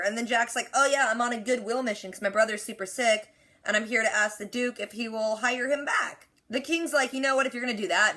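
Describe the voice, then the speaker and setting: A young woman talks through a TV episode in a loose, chatty recap, slipping into quick impressions of the characters. Her voice sits a bit high and sounds clear and bright. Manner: animated, acts out characters in quick quoted asides. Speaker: reaction video host.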